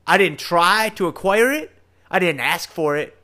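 With a Southern US drawl, a podcast host talks about faith straight to his listeners, earnest and animated yet casual. His voice is high-pitched and his speed normal.

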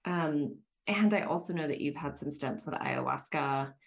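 Woman hosting a podcast, deep voice with some fry, earnest and thoughtful. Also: moderate pace. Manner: earnest, reflective, storytelling. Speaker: podcast host. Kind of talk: casual podcast conversation.

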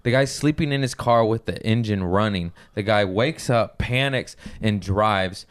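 Male comic co-host, smooth low voice, dry close sound, animated casual storyteller. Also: unhurried, dry recording. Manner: animated storyteller, jumps into high-pitched voices for quoted people. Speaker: podcast co-host, comedian. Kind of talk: casual chat.

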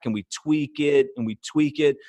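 A middle-aged man, a podcast guest, telling stories in a casual conversation, animated and laughing often. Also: on the high side, moderate pace, no echo.

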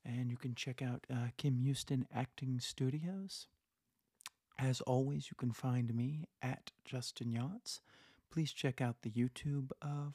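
A man hosting a podcast, asking hesitant questions with fillers and reading a brisk sign-off. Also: medium pitch, gravelly, dark tone, dry recording. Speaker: podcast host. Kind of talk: casual interview questions.

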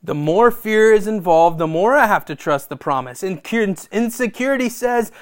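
In an expressive, medium-pitched voice at a moderate pace with few pauses, a preacher reads scripture aloud and adds commentary. The sermon repeats phrases for emphasis and alternates between booming, emphatic bursts and hushed, nearly whispered lines.

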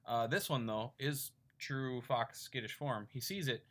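A man's voice: medium pitch, a little slow, fairly bright tone. A man co-hosting a podcast, rambling through a casual comic book recap with lots of fillers. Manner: rambling retelling with fillers and laughs. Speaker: podcast co-host.

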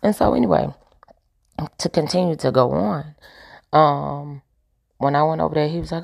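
A woman's voice: deep voice, normal speed, vocal fry, pauses often, a little mellow. A woman telling a personal story candidly, emphatic and repeating her points with preachy asides.

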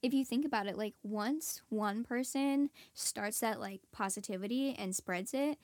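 A woman co-hosting a podcast in casual chat, easygoing and quick to laugh and agree. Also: a little high, darkish tone, dry recording. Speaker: podcast co-host.

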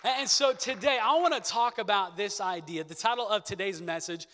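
Preaching in a church, this young pastor uses call-and-response with his congregation and leans on repeated catchphrases. His voice sits high and comes out pushed and bright at a fairly quick pace. The recording has a big hall's long echo and a little hiss or hum.

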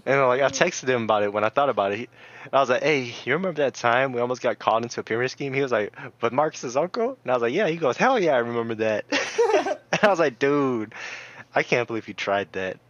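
A man's voice: mid-range voice, big pitch swings, fast talker, a bit bright, no echo, lo-fi sound. Laid-back man in casual chat. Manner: laid-back, quotes friends, swears, laughs along.

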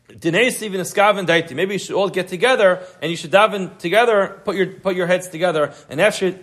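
A man's voice: sits high, a bit bright. A man teaching a Talmud class, reading phrases aloud and then explaining them in English, often restarting his sentences.

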